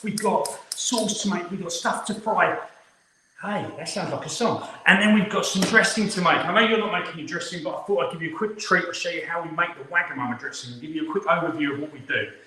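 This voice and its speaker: A man's voice: on the high side, fast, pushed and bright. A man in his fifties, a head chef, chatty and upbeat as he talks viewers through a live cooking demonstration in a kitchen. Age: 50s. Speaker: head chef hosting a cookalong. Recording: echoey room with faint noise.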